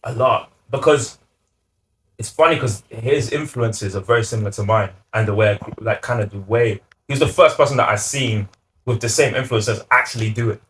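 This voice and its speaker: A young man from Ireland, a singer chatting casually as an interview guest, often trailing off quietly at the ends of thoughts. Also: medium pitch, slight background noise. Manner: rapid, relaxed, trailing off into quiet asides.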